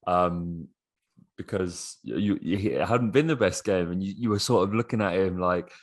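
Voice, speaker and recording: A man co-hosting a casual football podcast, excitable and swearing freely. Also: sits low, moderate pace. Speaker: podcast co-host.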